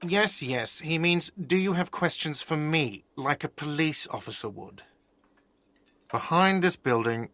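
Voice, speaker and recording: A man's voice: a little high, a bit bright, dry recording. An actor playing an irritable, defensive male cafeteria manager in a video game, whiny and sarcastic. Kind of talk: voiced game dialogue.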